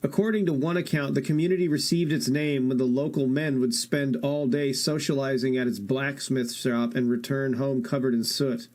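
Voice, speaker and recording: A man's voice: medium pitch, steady tone, normal speed, few pauses, darkish tone. A man streaming casual, profane reaction commentary, incredulous and jokey, swearing freely.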